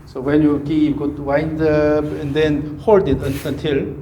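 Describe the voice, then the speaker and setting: Man, golf coach, fairly high voice, instructive, repeats cues, roomy echo, faint hiss. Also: flat delivery, a little slow, dark tone. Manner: instructive, repeats cue phrases, hums swing rhythms. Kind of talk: hands-on swing instruction. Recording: echoey room, faint background noise.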